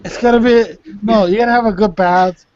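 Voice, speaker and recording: A man's voice: sits high, steady tone, fairly quick, crowd noise. A man in a casual voice chat, crude and rambling. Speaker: chat participant. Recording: dull lo-fi online voice chat.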